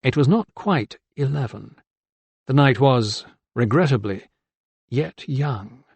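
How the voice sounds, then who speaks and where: A man narrating an audiobook with steady, deliberate storytelling. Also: mid-range voice, gravelly, breathy edge, no echo. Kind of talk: scripted narration.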